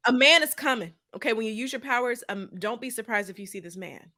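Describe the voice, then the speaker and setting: Bright emphatic woman co-host. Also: on the high side, animated, fast talker. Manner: emphatic, explains context. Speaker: podcast co-host. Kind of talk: casual book discussion.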